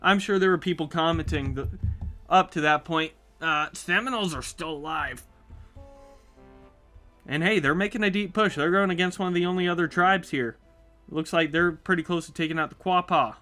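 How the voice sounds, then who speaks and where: A man calls a simulated battle as it plays out, talking in a chatty, upbeat way. His voice is high and bright, with a sharp edge. Faint music runs quietly underneath. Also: moderate pace. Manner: upbeat, chatty, reacts with excitement. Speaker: YouTube host. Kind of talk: live commentary on a map simulation.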